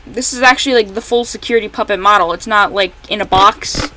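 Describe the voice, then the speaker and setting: A woman giving casual, rambling commentary while playing a fan game she made, correcting herself often and breaking into excited outbursts at the characters. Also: mid-range voice, quick pace, a little hiss or hum, rough recording. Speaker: fan game creator playing her own game.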